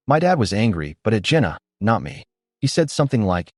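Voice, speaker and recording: A man giving scripted first-person narration of a story in a steady, animated storytelling delivery. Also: fairly low pitch, brisk, no room sound. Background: faint background music.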